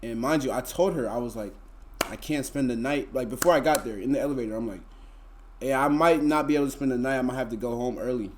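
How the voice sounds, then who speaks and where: A man's voice: mid-range voice, fast, darkish tone, a little hiss or hum. A young man, telling a story to his live chat in a laid-back, slangy, rambling way full of fillers. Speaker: streamer.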